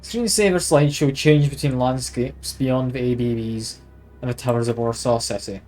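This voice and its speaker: A man's voice: medium pitch, moderate pace, a little mellow, soft background music. A man streaming a detective game, chatting wryly and reading game text aloud. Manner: chatty, wry, reads aloud with asides.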